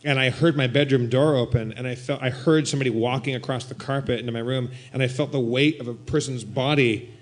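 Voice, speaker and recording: A man telling a comedic ghost story on stage at a live show, animated and breaking into loud shouted outbursts. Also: mid-range voice, brisk. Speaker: guest storyteller.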